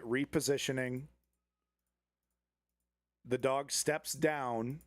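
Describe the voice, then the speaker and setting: A man's voice: medium pitch, no echo. A man hosting a live commentary stream, talking bluntly and profanely with frequent restarts. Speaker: live news commentary host.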